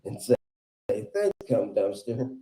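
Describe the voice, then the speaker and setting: A man doing a crude stand-up set on a club stage, loud and laughing at his own jokes. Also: mid-range voice, big pitch swings, unhurried. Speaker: stand-up comedian. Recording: roomy club echo.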